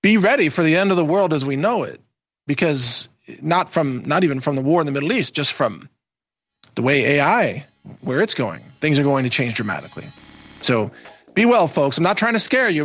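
A man's voice: fairly high pitch, big pitch swings, fairly quick, a bit bright. A man speaking as a guest commentator, giving a rambling, emphatic casual monologue to viewers and calling them "folks".

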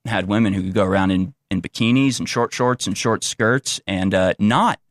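A man's voice: lowish voice, moderate pace, no echo, clean studio sound. A young man giving an unscripted, rambling commentary monologue, restarting sentences often and mocking the views he quotes in a sarcastic tone. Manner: rambling with many restarts and fillers. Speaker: political commentator.

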